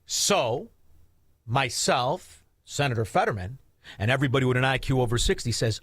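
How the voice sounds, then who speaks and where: Sarcastic male radio host, rants and mutters, animated delivery, dry booth sound. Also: moderate pace, no room sound. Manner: insulting, sarcastic, swings from low mutters to loud outbursts. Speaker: radio talk show host. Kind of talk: mocking commentary over news clips.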